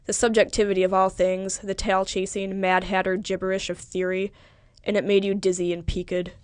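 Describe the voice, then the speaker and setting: A woman narrating a literary audiobook in the second person with a measured, wry, precise delivery. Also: mid-range voice, level tone, smooth, no echo, clean studio sound.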